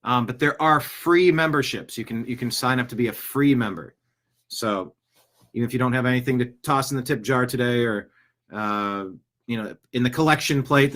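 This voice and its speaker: Here a man with a medium-pitched, somewhat bright voice hosts a laid-back news podcast. His talk wanders, full of jokes and restarts, and now and then he breaks into goofy voices.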